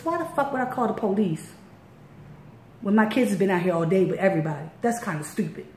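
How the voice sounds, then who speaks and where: A woman with a Baltimore accent telling a story in casual chat as a radio interviewer, acting out quotes with big jumps in pitch. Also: expressive, a little fast, a little mellow. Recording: echoey room, faint noise.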